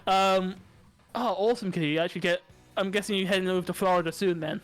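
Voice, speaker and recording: A man's voice: high voice, fairly even intonation, quick pace, soft background music. A man, co-hosting a casual podcast chat, brash and profane, laughing often. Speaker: podcast co-host.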